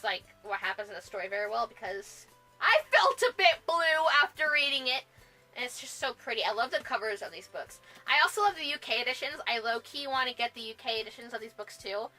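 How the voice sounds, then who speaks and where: In a casual book review vlog, a woman gushes about her favorite books in a high, very bright voice, bubbling with enthusiasm and laughing often between thoughts. Faint background music accompanies her, and the audio quality is poor.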